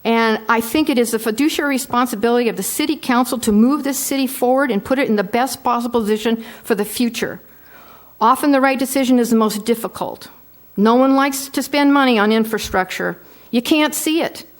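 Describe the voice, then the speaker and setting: Woman, 60s, board member, slightly high voice, firm and emphatic persuasive delivery. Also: brisk. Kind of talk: formal statement at a public meeting.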